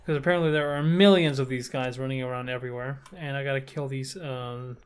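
A young man hosting a gaming video talks fast and smoothly in a medium-pitched, fairly even voice. Playing a shooter blind, he's frustrated, swearing and taunting the enemies on screen.

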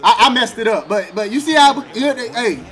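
With an extremely high pitch and a brisk delivery, this man streams a football video game. The gaming streamer laughs, throws around slang and trash-talks in an animated, casual commentary style.

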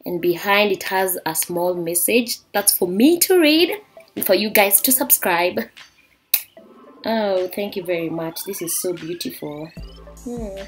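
A young woman from Kenya excitedly unboxing a beauty subscription box in a vlog, gushing and exclaiming as she goes. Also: medium pitch, a little slow, a little hiss or hum. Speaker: beauty vlogger. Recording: faint background music.

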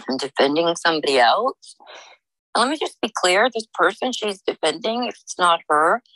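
A woman working as a psychic medium, giving a reading in a halting, searching way with many fillers and restarts. She speaks in the first person as the people she senses. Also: fairly low pitch, bright, forceful tone, no echo, poor audio. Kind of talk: intuitive reading monologue.

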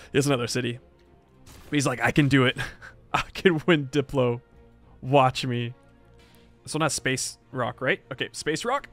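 A man streams a strategy game and comments as he plays, wry and talkative, chatting to himself and to the game's leaders. His pitch swings a lot from line to line. Soft music plays quietly behind him. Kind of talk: live gameplay commentary.

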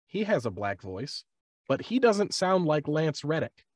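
A man co-hosting a panel over a video call, explaining his view in a calm, measured way. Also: on the high side, no room sound, clean studio sound. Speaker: co-host of a panel discussion.

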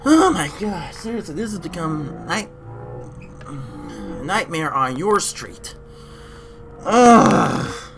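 A woman giving let's play commentary on a game, excitable and exasperated, talking to the character on screen. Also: lowish voice. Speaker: gamer. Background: game music.

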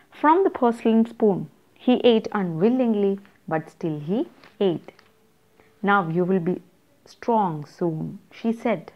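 A woman teacher with an Indian English accent, reading a story aloud slowly and stopping to explain words and tell students what to underline. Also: medium pitch, lo-fi sound.

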